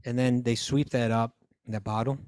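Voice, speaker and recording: A man's voice: mid-range voice, normal speed, clear, resonant tone, no room sound, clean studio sound. Man animatedly retelling a story. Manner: animated retelling, acts out voices and laughs. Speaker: podcast co-host. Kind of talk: casual storytelling chat.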